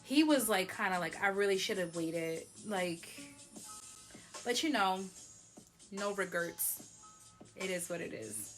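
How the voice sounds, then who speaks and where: A woman's voice: mid-range voice, fairly bright tone. Chatty young woman telling a story. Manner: chatty, frequent "like", laughs often. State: tipsy from wine. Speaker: vlogger. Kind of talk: casual storytelling.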